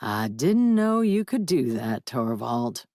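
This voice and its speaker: A woman voicing a sardonic woman with a Southern US accent who talks in a dry, deadpan mutter. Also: rumbling low, takes it slowly, no echo, voice pushed down, heavily acted.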